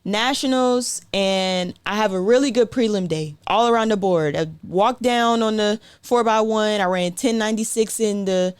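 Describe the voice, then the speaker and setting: A young woman tells her story to interview hosts in an easy, animated way, voicing other people as she goes. Her voice sits at a middle pitch. It is recorded close and dry, with no room sound. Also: normal speed, hardly any pauses, clear, resonant tone, no room sound. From South Carolina, USA. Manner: chatty, animated, acts out quotes, frequent "like" and light laughs. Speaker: guest sprinter.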